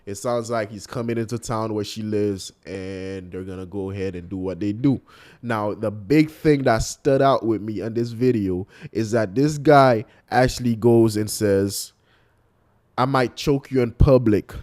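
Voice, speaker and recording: A young man hosting a casual commentary video, talking straight to his viewers with animated disbelief. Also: lowish voice, normal speed. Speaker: commentary host.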